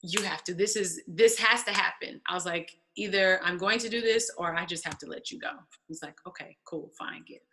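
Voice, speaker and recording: A woman's voice: on the low side, a little fast, few pauses, fairly bright tone, slight background noise. A woman in her thirties giving a candid personal testimony, telling her story with animation and acting out the voices of others. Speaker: interview guest.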